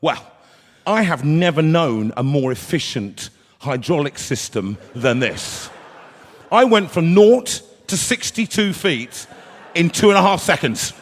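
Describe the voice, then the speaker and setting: Animated storyteller, man. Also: fairly high pitch, unhurried. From England. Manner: animated, acts out the characters. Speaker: opera singer and entertainer. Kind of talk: live comic storytelling. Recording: long hall reverb.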